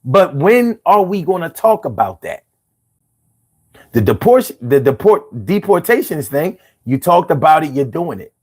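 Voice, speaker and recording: A man with a high voice rants about politics, heated and full of curses. He talks straight at his audience like a fired-up commentator. His delivery is animated and blunt. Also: measured pace, slightly rough. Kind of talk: ranting commentary.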